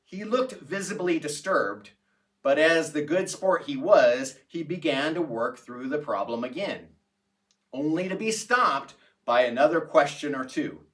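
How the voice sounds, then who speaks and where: A man narrating a personal anecdote in a reflective, unhurried storytelling manner. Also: on the high side, animated, fairly bright tone, distant mic. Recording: voice set back from the mic.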